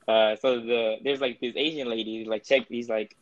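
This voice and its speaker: A man's voice: mid-range voice, fairly even intonation, moderate pace, no echo, muffled recording. A young man, a guest on a casual podcast, telling a story with sheepish giggles.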